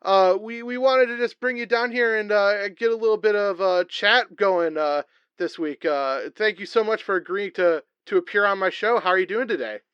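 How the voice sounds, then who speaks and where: A man's voice: high voice, normal speed, clean tone, dry recording, dull audio, pitched above the performer's own voice, lightly acted. A man voicing a flustered male comedy wrestler who hosts a talk show, stammering and overly chummy in a tabletop game. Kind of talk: tabletop role-play voice acting.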